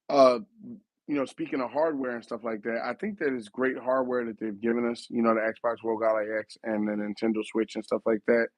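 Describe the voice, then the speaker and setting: A man's voice: mid-range voice, no echo. A man hosting a casual gaming talk show, rambling and correcting himself as he thinks aloud, his voice worn from a recent cough. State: getting over a cough, losing his voice. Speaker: show host.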